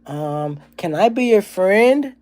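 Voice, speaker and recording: A man putting on the voice of a cheerful, friendly little girl, high and slow in a sing-song way. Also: lively intonation, a little mellow.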